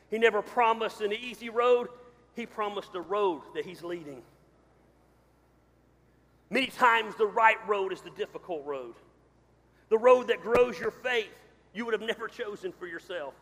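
A man preaching a sermon as pastor, swinging from loud to quiet. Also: high-pitched, normal speed. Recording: hall reverb.

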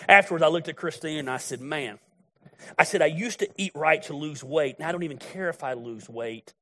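A middle-aged man preaching with a twang, his voice pitched a little high for a man. He talks bluntly and folksily, spinning stories as he goes. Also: a little fast, sharp tone. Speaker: pastor. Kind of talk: sermon.

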